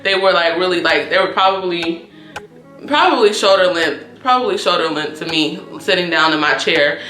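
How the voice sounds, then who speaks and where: A young woman telling a casual storytime vlog, animated and profane, acting out quoted dialogue with big jumps in pitch. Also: moderate pace, reverberant, faint music behind. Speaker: YouTube storyteller.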